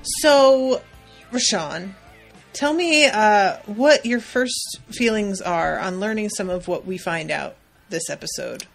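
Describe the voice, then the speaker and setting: Lively woman podcast host. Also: medium pitch, slow pace, creaky, faint music behind. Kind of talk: casual chat.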